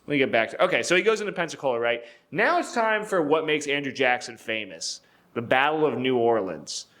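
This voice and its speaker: A man's voice: mid-range voice, lively intonation, a little fast, a bit bright. Young man telling history casually. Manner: loose and profane, acts out quotes in jokey voices; laughs often, many fillers and restarts. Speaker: podcast co-host.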